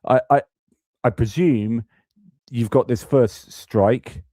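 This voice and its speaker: A man's voice: mid-range voice, slow, mellow, no room sound, clean studio sound. A man hosting a live-stream news commentary, talking casually and thinking aloud as he goes through footage and reports. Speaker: host.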